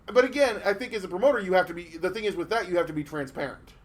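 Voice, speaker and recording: A man chatting on a podcast in a slightly high voice. He tells his stories animatedly, swearing freely and often restarting his sentences. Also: rapid-fire. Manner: animated storytelling with profanity and restarts. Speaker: podcast co-host. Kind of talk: casual podcast chat.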